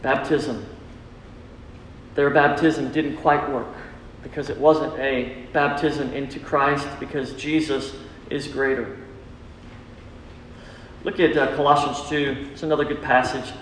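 A man's voice: mid-range voice, fairly even intonation, measured pace, pauses often, a bit bright, slight background noise. A man preaching a sermon as pastor, emphatic, asking his congregation questions and calling back their answers. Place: church sanctuary. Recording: echoey church hall.

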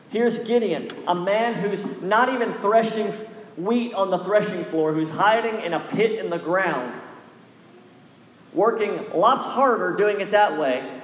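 A man's voice: sits high, measured pace, roomy sound, big-room sound. A man preaching a sermon as a pastor, urging his listeners with a repetitive, exhorting cadence.

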